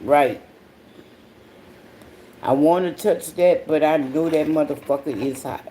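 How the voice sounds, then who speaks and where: A host telling a story in a casual monologue, full of cursing and laughter. The voice is warm and unhurried, and it jumps high when exasperated. A faint hum of noise sits under the voice. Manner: profane, blunt, with sudden high-pitched outbursts. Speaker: podcast host.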